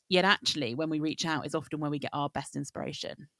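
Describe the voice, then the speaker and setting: A woman's voice: low voice, expressive, fairly quick, hardly any pauses, no room sound. A woman hosting a conversational podcast, talking thoughtfully and building long reflective points. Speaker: podcast host. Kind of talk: casual conversational interview.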